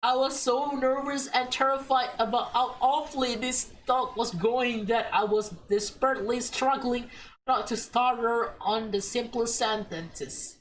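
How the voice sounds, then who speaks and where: A woman's voice: a little high, fairly even intonation, a little hiss or hum, low-quality recording. A young woman reading a visual novel aloud and reacting emotionally as she plays. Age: young adult. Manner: emotional, chatty, slow reading. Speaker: let's play streamer.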